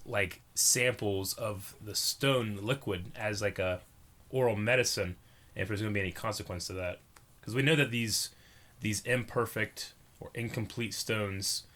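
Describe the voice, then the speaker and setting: A young man co-hosting a reaction show, thinking out loud in loose casual chat. His voice is bright and forward. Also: on the low side, moderate pace. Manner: loose, laughing, thinks aloud.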